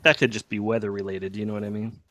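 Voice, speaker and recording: A man's voice: fairly low pitch, little pitch movement, quick pace, bright, forceful tone, no room sound. A man co-hosting a collectors' podcast, tossing in dry, wry quips during casual chat. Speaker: podcast co-host.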